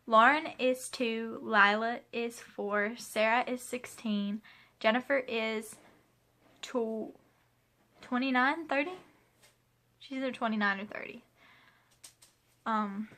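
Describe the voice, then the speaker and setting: A woman's voice: fairly high pitch, sharp tone. A woman of twenty chatting casually at home, answering tag questions in a rambling, talkative way with frequent asides. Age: 20s. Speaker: vlogger. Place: home room with a pet playing.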